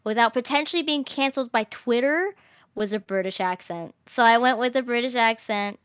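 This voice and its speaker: Bright-voiced, rambling young woman streamer. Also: on the high side, a little fast, smooth, no echo, clean studio sound. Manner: rambling, animated, laughs often, fillers "like". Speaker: streamer host. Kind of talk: casual chat.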